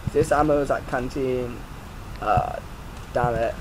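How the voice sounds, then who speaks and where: A man's voice: mid-range voice, fairly even intonation, unhurried, noisy background. A man giving let's play commentary, jumpy and prone to swearing, yelping and shrieking when startled. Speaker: gaming YouTuber.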